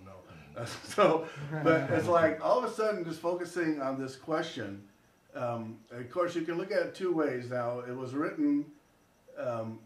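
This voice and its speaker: A man muses on a comedy show in a loose, rambling way, circling back to restart his thoughts. His voice sits at an ordinary pitch and carries a roomy echo from the living room where he performs. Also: a little hiss or hum. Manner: rambling, reflective, halting restarts. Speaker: guest comedian. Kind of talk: casual comedic monologue. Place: living room with small audience.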